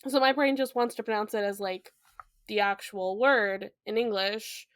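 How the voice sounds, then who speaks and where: A woman's voice: mid-range voice, moderate pace, no room sound, clean studio sound. A young woman co-hosting a podcast, chatting casually about a book with playful asides and frequent laughter. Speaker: podcast co-host. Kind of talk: casual book-discussion chat.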